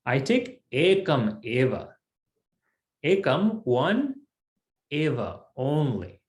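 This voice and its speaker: A man teaching a language class at an unhurried pace, his pitch rising and falling freely as he explains each point patiently. His voice sits in a roomy, echoing space. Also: very animated. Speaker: Sanskrit teacher.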